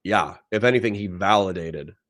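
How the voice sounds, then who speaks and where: A young man hosting a casual livestream, reading chat comments aloud and reacting in a profane, animated way. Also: low-pitched, normal speed. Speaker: livestream host.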